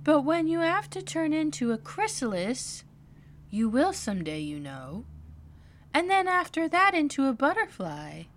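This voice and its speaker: A woman's voice: high voice, big pitch swings, measured pace, slight background noise, pitched above the performer's own voice. A woman voicing a polite, earnest, bewildered young girl in a storybook reading, shy and sometimes flustered. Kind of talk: storybook read-aloud.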